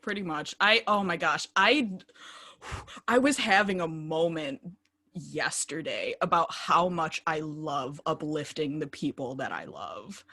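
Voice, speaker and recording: A woman's voice: sits low, measured pace, bright, forceful tone. A young woman co-hosting a podcast in casual chat, gushing and emotional, filling her talk with "like". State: tearing up. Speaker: podcast co-host.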